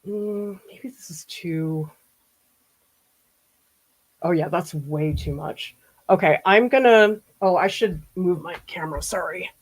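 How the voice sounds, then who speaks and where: Painting live for a demo, a middle-aged art teacher from around Boston chats, laughs a lot, and muses out loud. Her fairly low voice is slow and pauses often, captured on a rough recording.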